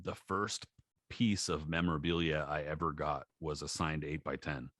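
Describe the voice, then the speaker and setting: A man with a very low voice co-hosting a casual podcast. He talks in a halting, slangy way, often breaking off and restarting his sentences. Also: fairly even intonation, a bit bright, dry recording, clean studio sound. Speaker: podcast co-host. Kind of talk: casual chat.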